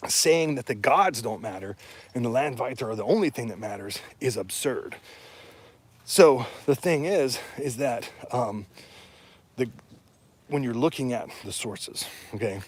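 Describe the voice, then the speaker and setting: A man with a mid-range, breathy-edged voice talks casually about heathen religion as a podcast guest or host. He speaks bluntly and emphatically, frequently climbing into indignant rhetorical questions.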